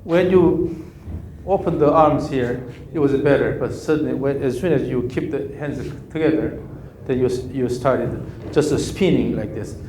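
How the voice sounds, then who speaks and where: A man's voice: mid-range voice, normal speed, darkish tone, a little hiss or hum. A man coaching a golf student live with clipped instructions and repeated counting cues, a native Korean speaker. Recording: echoey room with faint ambience.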